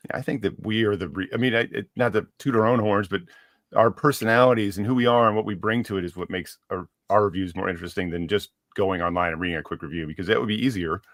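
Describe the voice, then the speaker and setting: A man talking as a guest in casual chat about books, hesitant and halting with many fillers. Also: lowish voice, a bit bright, no echo, studio quality.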